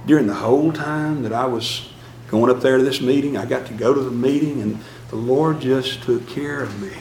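A man preaches to his congregation in a folksy, self-deprecating way, chuckling as he tells his stories. His voice sits at an ordinary pitch, and it rings through a roomy church hall. A faint hum of ambience lies under it. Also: normal speed, darkish tone. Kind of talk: conversational sermon.

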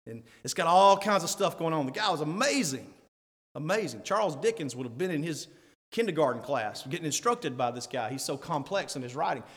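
Animated preacher in a reverberant church hall. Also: male voice, a little high, a little fast, husky. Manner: animated, laughing often, building to loud emphatic peaks. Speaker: elder preaching. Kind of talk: sermon. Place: church sanctuary.

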